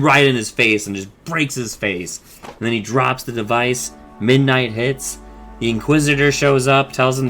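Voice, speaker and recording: A man's voice: mid-range voice, steady tone, a bit bright, faint music behind. A man casually recapping a cartoon episode, rambling and swearing as he tells it. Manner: rambling, profane, quick retelling with acted quotes. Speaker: show recap vlogger.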